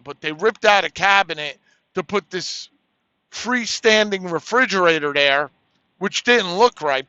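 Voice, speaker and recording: Bright high-voiced man telling a blunt story. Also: clean tone, dry recording. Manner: blunt, profane, retells dialogue with "I said". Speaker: truck driver. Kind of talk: casual storytelling rant. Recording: dry, slightly dull lo-fi audio.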